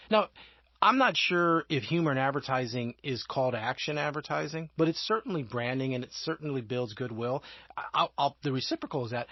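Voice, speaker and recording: A man's voice: medium pitch, no room sound, lo-fi sound. A man co-hosting a marketing podcast in a casual, self-deprecating way, telling dad jokes. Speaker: podcast co-host.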